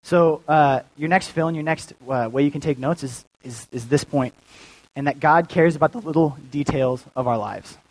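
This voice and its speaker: A man's voice: on the high side, normal speed, rough recording. A young man giving a casual, joking sermon as a youth pastor, full of fillers and restarts. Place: church.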